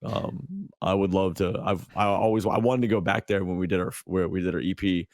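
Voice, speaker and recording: A male podcast co-host with a low voice and fairly even intonation talks fairly quickly while telling a long story. He rambles casually with lots of fillers and restarts, recorded at studio quality with no echo.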